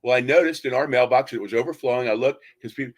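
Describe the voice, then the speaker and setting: A man's voice: medium pitch, fast. A man hosting a talk radio show, telling rambling anecdotes in a casual chat and mimicking other people as he goes. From United States. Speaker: host.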